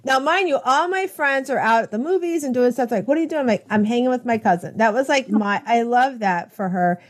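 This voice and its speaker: Hosting a conversational interview podcast, this American woman has a slightly high voice and brisk, lively intonation. Her eager enthusiasm spills out in long, rambling runs with frequent restarts.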